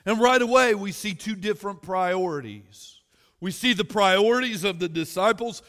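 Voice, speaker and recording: A man preaching a sermon as pastor, swinging from shouted exhortation to quiet storytelling. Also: high voice, moderate pace. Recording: long hall reverb.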